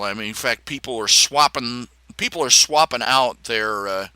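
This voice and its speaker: A man hosting a casual livestream while drawing, speaking in a rambling, halting way with many fillers and restarts, opinionated and sardonic. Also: medium pitch, pushed and bright, clean tone, no room sound. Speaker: livestream host.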